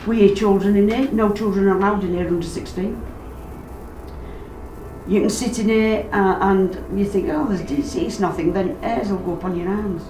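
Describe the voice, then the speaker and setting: A woman's voice: medium pitch, normal speed. Woman telling a story, far from the mic. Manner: animated, acts out quoted voices, dialect grammar. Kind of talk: casual storytelling. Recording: roomy, distant mic, background noise.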